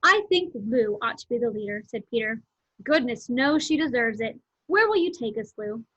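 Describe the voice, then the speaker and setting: A woman's voice: fairly high pitch, lively intonation, moderate pace, fairly bright tone, slightly rough, no echo. A woman reading as a stern indignant older brother. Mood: kindly. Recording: dull lo-fi home recording.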